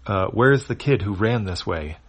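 A man's voice: on the low side, animated, normal speed, breathy edge. A man doing a curt, threatening dog alien. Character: armed dog-like alien, menacing.

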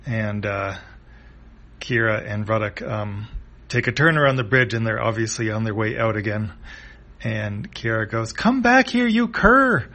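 Man, comic read-aloud, gravelly, casual, halting. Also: fairly low pitch, steady tone, bright, forceful tone. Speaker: comic reader.

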